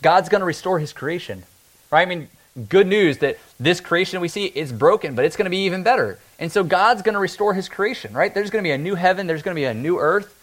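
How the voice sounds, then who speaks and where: A man preaching a sermon in a relaxed, conversational way, often slipping into quick acted-out asides. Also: high voice. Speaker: pastor.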